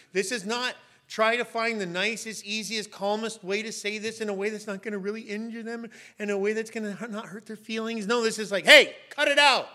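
A middle-aged man preaching a sermon as a pastor, emphatic and sometimes rising to sharp raised shouts. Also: high voice.

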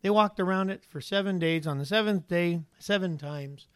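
A man preaching a casual sermon, telling Bible stories in an animated way with casual slang. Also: sits high, normal speed, clean tone, dry recording, studio quality.

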